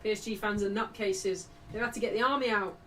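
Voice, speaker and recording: Woman, watchalong streamer, casual commentary, bright tone, heard from a little way off the mic. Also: medium pitch, steady tone, a little fast. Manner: chatty, shouts greetings to chat. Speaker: streamer hosting a football watchalong. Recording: distant mic with faint background noise.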